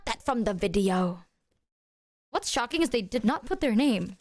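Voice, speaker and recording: Flustered high-voiced streamer woman. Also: normal speed, no echo, studio quality. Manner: flustered, apologetic, excitable. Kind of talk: casual stream chat to viewers.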